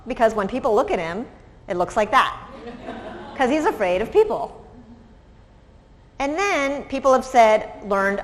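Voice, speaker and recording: A woman's voice: fairly high pitch, sing-song, a little slow, long pauses. A woman giving a presentation, explaining in a conversational way with examples. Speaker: lecturer. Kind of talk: presentation talk. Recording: reverberant hall, faint background noise.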